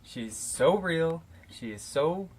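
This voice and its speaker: Speaking slowly with lively intonation, this American man's voice sits on the high side, and background noise can be heard. He's an Arizona-based vlogger doing casual talking-head shout-outs straight into the camera mic, rambling fondly with lots of fillers and restarts.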